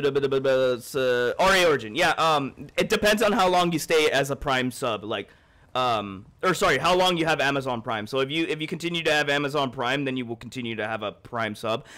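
A young man livestreaming a game in casual chat, excitable and joking as he thanks his chat. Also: medium pitch, a little fast.

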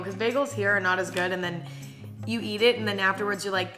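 Bright young woman, blunt casual vlog talk. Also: medium pitch, steady tone. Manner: blunt, candid, swears casually, drawn-out reactions. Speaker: vlogger. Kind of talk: casual snack taste-test vlog. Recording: faint music underneath.

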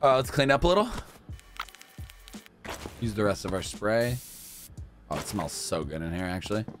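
A young man giving casual gameplay commentary, talking to himself and to in-game customers, swinging from mumbles to shouts. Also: lowish voice, big pitch swings, moderate pace, soft background music. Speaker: gaming YouTuber.

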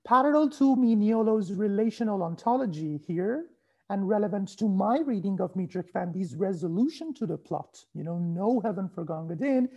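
A man delivers a prepared university lecture over a video call. His voice is mellow and soft-edged, with a light huskiness. He reads in a measured, formal way and stops now and then to ask for the next slide. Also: high voice, expressive, breathy edge, dull audio. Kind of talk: reading a prepared academic lecture.

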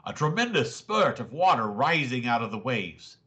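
A man reading aloud, voicing an excitable old male professor explorer in a storybook with raised, excited exclamations. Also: mid-range voice, normal speed.

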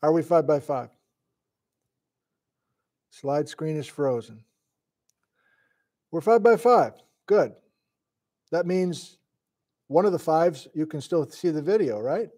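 A man's voice: on the high side, lively intonation, takes it slowly, pauses often, dark tone. A middle-aged man from Wisconsin, a sleep-deprived geology lecturer, thinking aloud in a flustered, casual live-stream lesson. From Wisconsin, USA.

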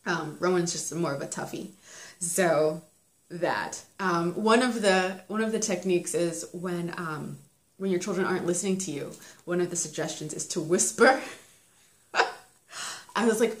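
Chatty young mom in a roomy echo. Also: female voice, mid-range voice, a little slow, pushed and bright. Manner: chatty, laughs often, acts out her kids' voices. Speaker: parenting vlogger reviewing a book. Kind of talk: casual chat.

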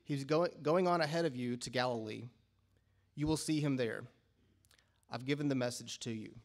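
A man reads a scripture lesson aloud during a church service. He keeps a steady, measured pace through the passage, at a medium pitch. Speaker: scripture reader. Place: church sanctuary.

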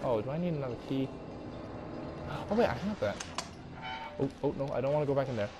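A man's voice: medium pitch, expressive, quick pace, dull audio. A young man commentating a horror game, jumpy and panicky, swearing and repeating "no, no" and "go, go". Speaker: let's play gamer.

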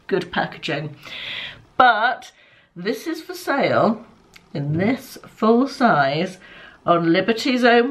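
A woman's voice: mid-range voice, a bit bright, a little hiss or hum. Lady in her 50s, casual home vlog, lots of ums and little asides. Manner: chatty, rambling, frequent ums and asides. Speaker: lifestyle vlogger. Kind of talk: casual chat to camera. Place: home, indoors.

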